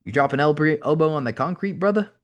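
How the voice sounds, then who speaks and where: A man's voice: a little high, animated, quick pace, muffled recording, pitched above the performer's own voice, lightly acted. A man doing a blunt wrestling booker calling everyone brother. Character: gruff male wrestling booker with a Boston accent.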